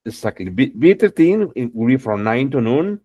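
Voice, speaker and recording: A man's voice: medium pitch, big pitch swings, normal speed, dark tone, no room sound. A man teaching an English class, encouraging students and saying "okay" and "exactly" again and again. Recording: dull lo-fi sound.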